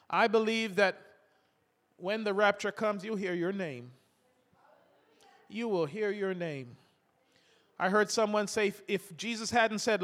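A man's voice: sits high, measured pace, fairly bright tone, in a large hall. An older man preaching a sermon, reading scripture aloud between homely stories.

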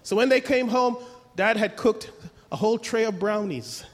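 Male preacher, high voice, emphatic sermon, rhetorical questions, reverberant hall. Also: normal speed.

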